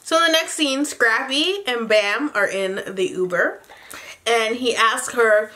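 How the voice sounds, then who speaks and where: A woman recaps reality TV drama in loose, excited vlog chatter, full of gossip, swearing and laughter. Her voice sits a little high and sounds bright and forceful. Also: takes it slowly. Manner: animated, gossipy, laughs often, profane. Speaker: TV recap vlogger.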